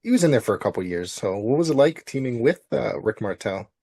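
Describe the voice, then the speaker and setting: A man's voice: medium pitch, sing-song, mellow, husky, dry recording. Male host, plain mid voice, dry room, casual questions with some stumbling. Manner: loose, halting questions with fillers. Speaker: interview host. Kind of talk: casual interview.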